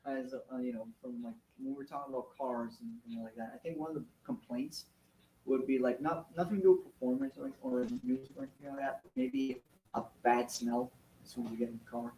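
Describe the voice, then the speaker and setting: A man's voice: medium pitch, lively intonation, brisk, mellow, reverberant, slight background noise, rough recording. A young man, a student, asking a question in class, hesitant and full of fillers.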